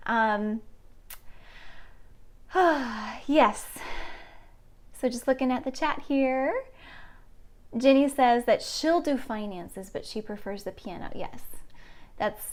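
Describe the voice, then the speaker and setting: A woman's voice: on the high side, lively intonation, slow pace, pauses often. A woman in her late twenties chatting casually with her live-stream viewers between piano pieces, reading out and answering chat comments. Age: late 20s.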